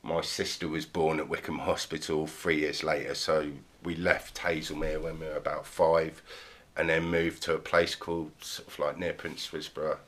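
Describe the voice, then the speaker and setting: A man with a southern English accent and a very low, deep voice talks as a podcast guest. He rambles through his story with many ums, "sort of" and "like". The delivery is casual and unhurried. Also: level tone, a bit bright. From southern England. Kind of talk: casual interview talk.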